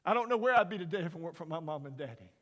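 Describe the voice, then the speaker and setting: Middle-aged guy preaching, high-ish voice, big echoey chapel, tells it like a story. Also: expressive, rapid-fire. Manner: folksy, dramatic storyteller, drops to whispers and rises to near shouts. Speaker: chapel speaker. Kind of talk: storytelling sermon. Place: large university chapel. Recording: long hall reverb.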